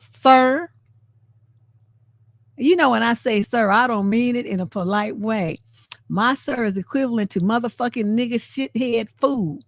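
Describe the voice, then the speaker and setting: A woman relationship coach hosting a live stream, talking in a blunt, sassy, profane and animated way. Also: on the high side, no echo. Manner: animated, laughs often. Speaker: relationship coach and show host. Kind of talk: casual live-stream commentary.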